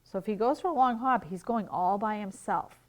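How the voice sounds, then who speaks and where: A woman teacher reading a picture book to young children at home, gently asking questions and explaining words. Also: medium pitch, moderate pace.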